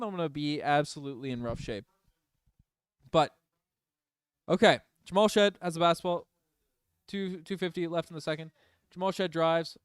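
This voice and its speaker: A young livestreamer's smooth, somewhat high voice rattles off plays in excited fan play-by-play, bursting into loud cheers whenever his team gains the upper hand. Sitting near a dry mic, he comes through with no room sound at all.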